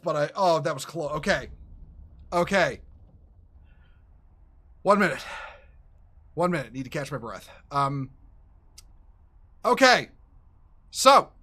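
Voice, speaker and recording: A man giving casual, rambling commentary while playing a game, excitable and swearing, often restarting his sentences. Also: high-pitched. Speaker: gaming streamer.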